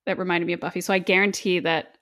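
Lively low-voiced woman chatting about books. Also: fast talker. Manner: animated retelling with lots of "like". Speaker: podcast co-host. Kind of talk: casual book-club chat.

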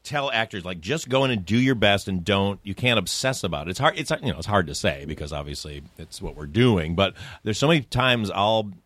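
A man's voice: fairly low pitch, a little fast, few pauses, no echo. A middle-aged man, a film director guest, chatting casually and acting out quotes as he tells stories. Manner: animated storyteller, acts out quotes. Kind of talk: casual podcast chat.

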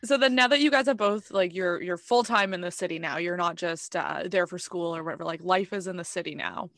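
Bright, dry-voiced host asking questions. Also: mid-range voice, brisk, no echo. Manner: asks strings of questions, animated. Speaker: podcast host. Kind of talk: casual interview chat.

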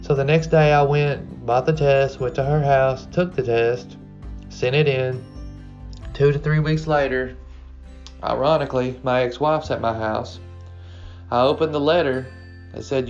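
A man's voice: mid-range voice, steady tone, normal speed. Man in his thirties, from Kentucky, earnest personal story, muffled lo-fi sound, faint guitar behind. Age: 30s. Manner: plain, earnest storytelling with quoted dialogue. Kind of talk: first-person personal story told to camera. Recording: dull lo-fi recording with faint guitar music.

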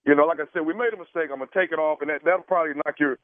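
A man with a fairly high voice makes a prank phone call posing as a radio host, talking very fast but hesitating and stalling with plenty of fillers. The audio has no echo and comes through a tinny phone line.

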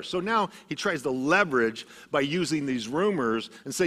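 A middle-aged male pastor preaching a sermon, telling stories and swinging from loud emphatic bursts to hushed, low passages. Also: animated, normal speed, hardly any pauses. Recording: long church reverb.

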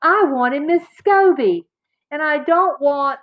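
A woman's voice: high-pitched, slow, phone-quality sound, voice pushed up. A woman voicing an upset, sulky young boy who protests in a whiny, indignant way in a storybook reading.

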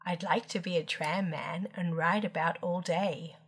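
Slow, expressive woman reading kids' poems. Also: fairly low pitch, husky. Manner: expressive, lilting, playful emphasis. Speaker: storyteller. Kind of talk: reading children's poems aloud.

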